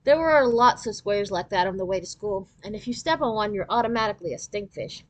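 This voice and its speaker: A woman reading a children's novel aloud in an expressive storytelling voice. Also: mid-range voice, brisk, rough recording.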